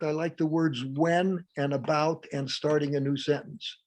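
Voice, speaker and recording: A man with a high voice leads a live workshop. He teaches with humor and keeps coming back to little stories from his own life. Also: fairly even intonation, normal speed. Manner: humorous, anecdote-driven teaching. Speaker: workshop presenter.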